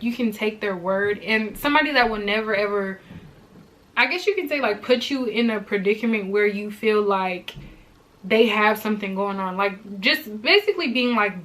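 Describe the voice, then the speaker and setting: A young woman vlogger telling a personal story in a chatty, animated way, often turning to her viewers. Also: mid-range voice. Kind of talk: storytime vlog.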